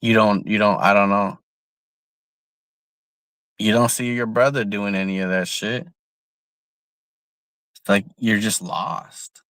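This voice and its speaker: A man's voice: lowish voice, fairly bright tone, dry recording. A young man from San Jose, California, ranting bluntly and profanely on a casual livestream, often repeating himself, speaking outdoors. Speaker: livestream host.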